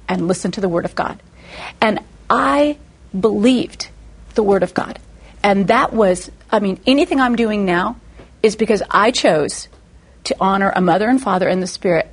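A woman from Indiana, a guest on a talk show, giving her testimony with lively, humorous storytelling. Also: medium pitch, husky. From Indiana, USA.

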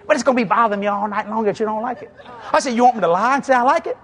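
A preacher in his sixties with a Cajun South Louisiana accent races along in a very high voice. During a sermon he tells humorous stories with animation, voicing both sides of each conversation and dropping in chuckling asides.

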